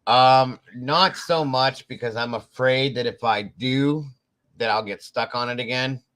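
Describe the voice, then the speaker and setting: A man hosting a casual live-stream chat, relaxed and rambling, often pausing on "um" and laughing. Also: mid-range voice, rough recording. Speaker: host.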